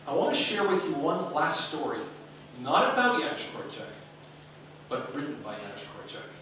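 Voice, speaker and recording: In an echoey hall, far from the mic, a man tells stories to an audience in a dramatic, animated way. His voice is fairly high and moderately paced, with a little hiss or hum in the recording.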